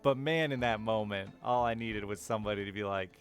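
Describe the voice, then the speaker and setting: A man's voice: lowish voice, steady tone, brisk, faint music behind. A man chatting casually and candidly with his stream viewers, openly talking about his feelings and swearing now and then. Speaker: live streamer.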